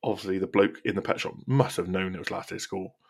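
A young man with a gravelly, lowish voice chats on a podcast. He is chatty and laughs easily at his own ideas. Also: fast talker. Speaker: podcast co-host. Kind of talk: casual chat.

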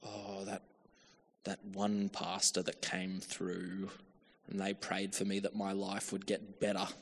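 A man preaching a sermon, telling a story and acting out quotes, from hushed asides up to loud calls. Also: low voice, completely flat delivery, slow pace, gravelly, husky, big-room sound. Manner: storytelling with acted-out quotes, shifts from hushed to calling out.

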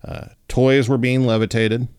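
A man hosting a podcast, telling a story in a relaxed, casual way with lots of filler words. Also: mid-range voice, measured pace, clear, resonant tone, no room sound, studio quality. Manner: relaxed, many fillers like 'like' and 'you know'. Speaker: podcast host.

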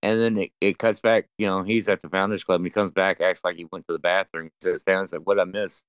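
Man, deep smooth voice, casual rambling profane chat, dry close sound. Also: fast talker, dry recording. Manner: rambling, profane, animated storyteller. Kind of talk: casual movie recap chat.

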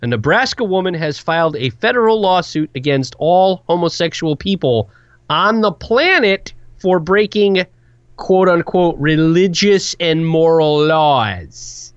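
A man's voice: on the high side, expressive, a little slow, clean tone, no room sound, highs cut off. A man co-hosting a casual podcast, reading a news story aloud with sarcastic asides. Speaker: podcast co-host.

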